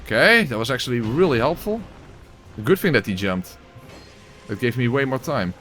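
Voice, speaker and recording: A man's voice: mid-range voice, big pitch swings, normal speed, fairly bright tone, faint music behind. A man giving casual gameplay commentary and voice-over narration, exclamatory, swearing, with wry asides.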